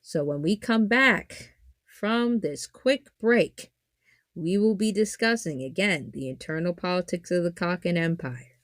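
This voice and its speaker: A woman hosting a casual anime analysis podcast, joking and animated, swinging from loud exclamations to low muttered asides. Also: a little slow, dry recording, studio quality. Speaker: podcast host.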